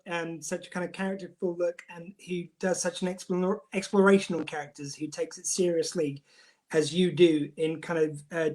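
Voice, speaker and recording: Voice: medium pitch, darkish tone. A host chatting with a guest, effusive and rambling, with many fillers. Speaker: podcast host. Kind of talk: casual interview chat.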